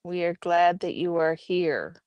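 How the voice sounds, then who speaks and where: A woman's voice: fairly low pitch, a little slow, darkish tone, clear, resonant tone, dry recording, muffled recording. A woman hosting a casual livestream from home, chatting with viewers and addressing them by name. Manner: chatty, talks to chat viewers and her pets by name. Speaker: livestream host. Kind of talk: casual chat reading viewer comments.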